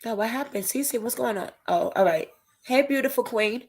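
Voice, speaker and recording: Emotional woman host, teary voice, a bit high-pitched, chatty and open with viewers. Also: fairly quick, a little mellow. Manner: emotional, tearful, talks openly to viewers. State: crying. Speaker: livestream host. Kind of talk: casual livestream chat.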